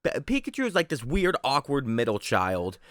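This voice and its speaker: A young man co-hosting a podcast, rambling through casual chat in an animated, sweary way. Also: mid-range voice, a little fast, no room sound, clean studio sound. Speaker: podcast co-host. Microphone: studio microphone.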